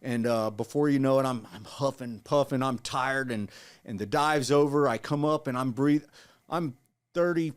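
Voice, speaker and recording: A man in his forties telling his story in an interview, earnest and halting, with frequent restarts. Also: medium pitch, clean tone. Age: 40s. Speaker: guest, Marine veteran.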